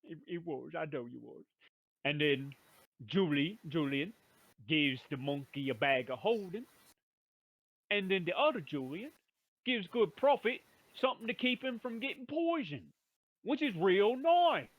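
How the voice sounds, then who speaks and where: A man recapping a tabletop game session in a playful, rough-talking manner, full of slang and asides. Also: sits high, animated, measured pace. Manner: playful rough-talking brute drawl, "me brother", "we was".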